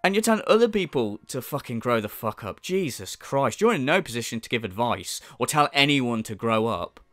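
Sweary sarcastic man, lively pitch. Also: brisk, no echo, clean studio sound. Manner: sarcastic, sweary, mimics in exaggerated voices. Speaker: commentary channel host. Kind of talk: mocking commentary.

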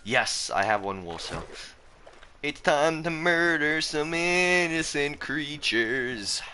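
A man's voice: a little high, animated, slow, bright, forceful tone, a little hiss or hum. A man, teasing friends with slang and frequent laughter in casual gaming banter. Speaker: gamer.

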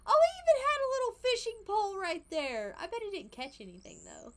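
A young woman streaming a game, talking casually in a very high, bright voice that leaps all over the place. She squeals and giggles at surprises, then drops to murmured asides, with faint game music under her. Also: wildly swooping pitch, fairly quick. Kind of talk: casual gameplay commentary.

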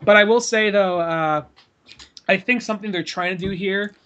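A man's voice: sits high, moderate pace, a bit bright, dull audio. A man co-hosting a podcast who rambles in casual chat, full of 'kinda' and 'like'. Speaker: podcast co-host.

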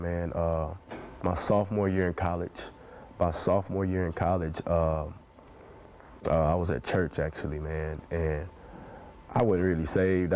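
Twenties guy in an interview, low voice, says man constantly, real passionate. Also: warm tone, slight background noise. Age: 20s. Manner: passionate, preacher-like cadence, fills every phrase with "man". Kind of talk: earnest interview talk.

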